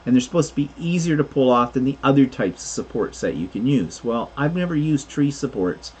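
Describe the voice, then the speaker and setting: Husky-voiced man chatting on a craft livestream. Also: medium pitch, lively intonation, a little fast, darkish tone. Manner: rambling, explains 3D printing with many fillers. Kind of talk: casual livestream chat.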